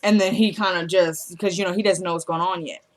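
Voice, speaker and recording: A woman at home vlogging a casual recap of a TV drama episode, quoting the characters' lines in a quieter voice and making loose asides to her viewers. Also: on the low side, steady tone, fairly quick. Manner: retells dialogue, dropping to a quieter voice for quoted characters.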